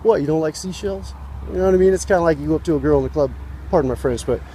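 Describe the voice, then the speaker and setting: A man's voice: a little high, very fast, dark tone, slight background noise. A man in a heated street argument with protesters, profane, rambling and combative, recorded outdoors. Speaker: passerby arguing with protesters.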